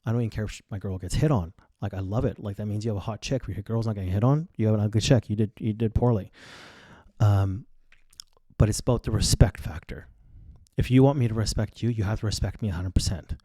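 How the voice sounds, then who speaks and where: Fast and mellow, with a fairly low pitch and no echo, this is a man in his thirties hosting a podcast. His casual storytelling monologue is blunt, crude and boastful, peppered with swearing.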